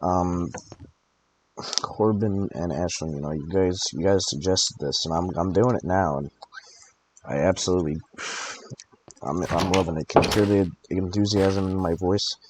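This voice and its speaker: A deep-voiced young man of eighteen, tired and groggy, rambles through late-night gaming commentary with drowsy joking asides. Steady clicking sounds run under his voice. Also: normal speed. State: tired and groggy from allergy pills. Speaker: gaming channel host. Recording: clicking noise over the voice.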